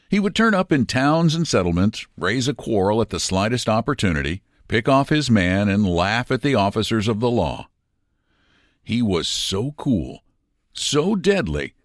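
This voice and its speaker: Brief: male narrator, expressive storybook reading, lively intonation, dry close mic. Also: mid-range voice, dry recording.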